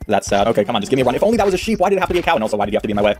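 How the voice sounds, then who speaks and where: Young man, rapid gameplay chatter, lively pitch, faint music bed. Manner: upbeat, self-mocking, quick asides. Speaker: gaming youtuber. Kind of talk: casual gameplay commentary.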